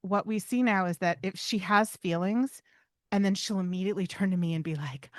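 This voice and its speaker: A woman's voice: medium pitch, fairly quick, no echo, clean studio sound. A woman co-hosting a podcast, explaining dog behavior in casual chat and acting out little bits of dog dialogue. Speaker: podcast co-host, dog trainer.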